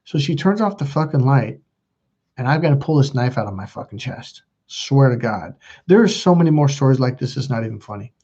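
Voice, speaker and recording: A man's voice: lively intonation, a little fast, mellow, breathy edge, muffled recording. A young man hosting his own channel, telling a painful personal story in a raw, profane and intense way. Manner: raw, profane and intense, voice climbing high when quoting others. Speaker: channel host.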